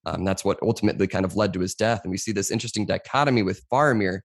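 A man's voice: sits low, very fast, slightly rough, no echo, studio quality. A young man speaking as a podcast guest, explaining at length in a casual conversation and often saying "you know".

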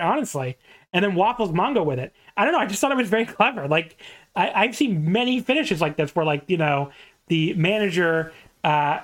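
A podcast host casually recapping a match, telling it in an animated way and laughing often. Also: medium pitch. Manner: animated retelling with frequent laughter.

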